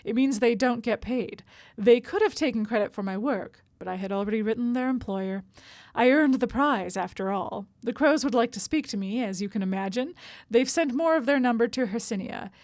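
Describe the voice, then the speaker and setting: A sly, flirtatious male elf assassin, read aloud by a woman. The voice sits a little high and sounds dry and close, with no accent put on, just plain reading. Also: moderate pace, a little mellow, no room sound, lightly acted. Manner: reads the letter in her own voice, no accent.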